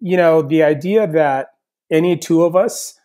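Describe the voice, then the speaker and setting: Speaking at a measured pace in a fairly high voice, this chef and author chats casually as a guest on an interview podcast. He comes from south India, grew up partly in the US, and is relaxed and reflective, dropping "you know" frequently.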